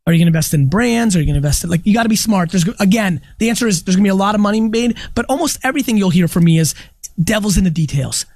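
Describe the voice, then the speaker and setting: A man's voice: high-pitched, expressive, racing, hardly any pauses, a little mellow, no echo. A man talking emphatically in a casual podcast chat, repeating his points for stress. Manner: emphatic, repetitive, profane. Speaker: guest.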